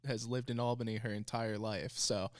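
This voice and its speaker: A male podcast co-host with a smooth, resonant voice, chatting and laughing easily as he asks questions. The sound is dry and close to the mic. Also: on the low side, fairly even intonation, dry recording. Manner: laughs often, quick asides. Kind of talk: casual podcast chat.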